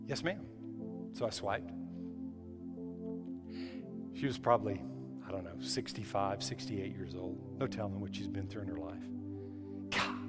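A male pastor preaching a sermon in a church, emphatic, often restarting his phrases. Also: on the low side. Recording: hall reverb with faint music.

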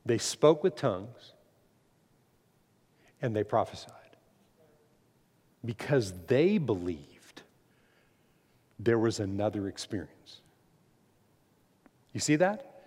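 A man preaching a sermon as pastor, emphatic, climbing to loud peaks and then dropping low. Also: very animated, slow pace, pauses often, slightly rough, long reverb tail.

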